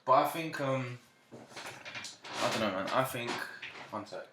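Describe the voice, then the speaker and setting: A man's voice: mid-range voice, expressive, measured pace. A young man co-hosting a casual podcast chat, jokey and teasing, laughing and swearing easily. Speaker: podcast co-host. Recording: roomy echo with faint noise.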